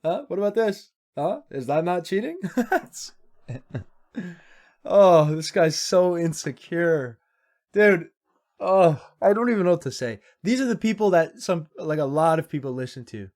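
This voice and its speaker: A man's voice: fairly high pitch, lively intonation, a little slow, darkish tone. A young man doing reaction commentary, sarcastic and incredulous, laughing often between remarks. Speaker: YouTube commentator.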